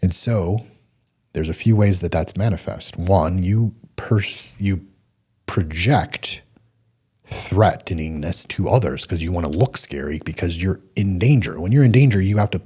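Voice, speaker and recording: A man's voice: deep voice, normal speed, warm tone, breathy edge. A middle-aged man hosting a solo talk show, speaking earnestly in a coaching way and repeating points for emphasis. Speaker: podcast host.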